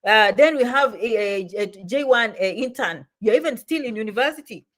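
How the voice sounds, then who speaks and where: A woman giving casual advice, lively and repetitive, often checking "okay?" and "you understand?". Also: a little high, moderate pace. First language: not English. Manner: animated, repeats "okay?" and "you understand?", acts out quoted voices. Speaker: immigration advice vlogger. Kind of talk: casual explainer talk.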